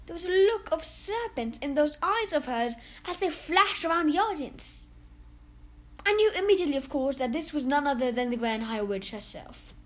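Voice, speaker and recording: A woman reading a children's story aloud in an expressive, dramatic way. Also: sits high.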